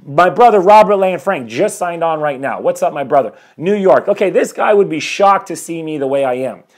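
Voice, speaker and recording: A life coach, a man in his forties, goes live from home to talk to viewers, greeting arrivals and preaching self-improvement in an energetic, slightly rambling way. His fairly high voice has lively intonation at an ordinary pace.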